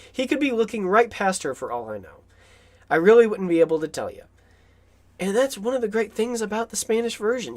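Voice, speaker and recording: High-voiced man rambling about films. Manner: enthusiastic, rambling, chuckles. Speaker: film commentator. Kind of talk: casual film commentary.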